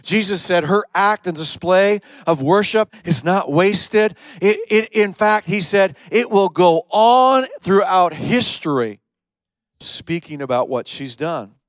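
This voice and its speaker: A man preaching a sermon as a pastor, telling the story in a lively way and swinging between hushed lines and emphatic ones. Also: high voice, slow, dry recording.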